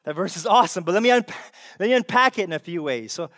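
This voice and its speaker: Intense high-voiced male preacher. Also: animated, very fast, no echo, clean studio sound. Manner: casual, intense preaching with slang and rising shouts. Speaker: pastor. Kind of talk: sermon.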